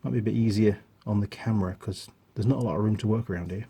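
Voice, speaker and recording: Husky-voiced chatty mechanic, a middle-aged man. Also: on the low side, steady tone, very fast, mellow. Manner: chatty, digressing, self-deprecating. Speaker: mechanic host. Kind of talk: casual workshop tutorial. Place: home workshop.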